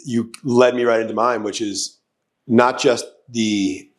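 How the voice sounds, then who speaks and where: A man co-hosting a podcast, telling a story in quick, loose, casual chat. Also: medium pitch, fairly even intonation. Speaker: podcast co-host, real estate agent.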